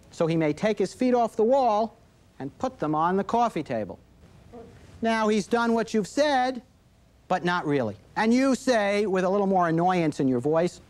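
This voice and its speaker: Lively, high-voiced man explaining to parents. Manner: explanatory, acts out parent and child quotes. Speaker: child behavior expert. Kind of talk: instructional talk to parents. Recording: 1980s videotape recording.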